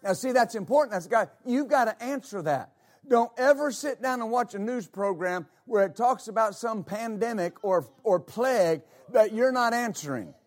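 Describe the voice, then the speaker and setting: A man's voice: high-pitched, expressive, normal speed. A male pastor preaching a sermon, emphatic and repetitive, often calling out amen. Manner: emphatic, repeats words, calls out amen.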